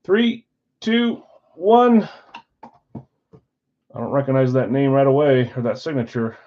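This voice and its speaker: A man's voice: medium pitch, lively intonation, a little slow, darkish tone. Casual man hosting a live card break. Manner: casual, thinking aloud, upbeat countdowns. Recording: dull lo-fi stream audio.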